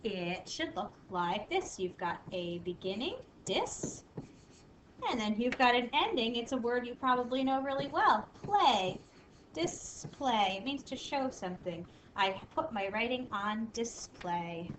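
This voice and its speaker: A woman teacher giving a spelling lesson to children, upbeat, sounding words out slowly. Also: fairly high pitch, lively intonation. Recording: echoey room from a distance, faint noise.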